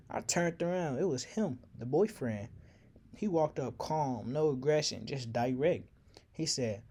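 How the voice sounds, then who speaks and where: A man's voice: medium pitch, normal speed, darkish tone, breathy edge. A man telling a personal story in a casual, slangy, reflective way.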